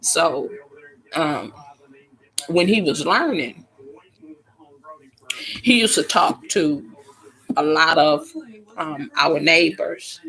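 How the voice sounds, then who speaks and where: A woman's voice: sits low, low-quality recording. A middle-aged woman telling a story in casual chat on her live stream, exclaiming as she goes. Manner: animated, exclaiming, drawn-out Southern phrasing.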